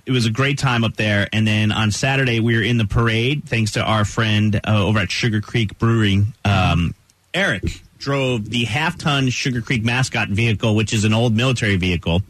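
A man's voice: lowish voice, normal speed, fairly bright tone, no echo. A man hosting a morning radio show, upbeat and talkative as he leads the conversation. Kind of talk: casual morning radio banter. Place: radio studio.

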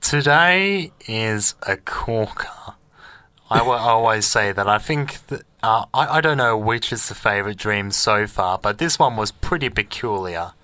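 Radio host telling a story. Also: male voice, fairly low pitch, unhurried, clean tone, no echo. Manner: animated storyteller who acts out voices and laughs at his own tale. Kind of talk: casual on-air storytelling. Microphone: studio microphone.

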